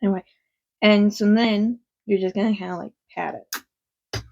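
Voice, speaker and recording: A woman's voice: medium pitch, fairly even intonation, unhurried, vocal fry, darkish tone, muffled recording. A woman chatting casually through a makeup tutorial at home, rambling and frank, with some swearing. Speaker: makeup vlogger. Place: quiet home.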